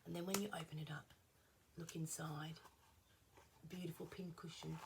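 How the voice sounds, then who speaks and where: A middle-aged woman chatting casually at her craft table at home, rambling and drifting into soft asides, a little unwell. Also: low voice, level tone, normal speed, creaky, pauses often, noisy background. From Australia. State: slightly unwell. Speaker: craft vlogger. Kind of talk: casual show-and-tell chat.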